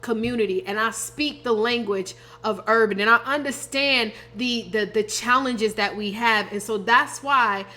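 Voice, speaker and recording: Woman host hyping up her audience, bright forceful voice, kinda high. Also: normal speed, few pauses. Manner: hyped, emphatic, addresses audience as y'all. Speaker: host and conference organizer. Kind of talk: energetic promotional pitch to viewers.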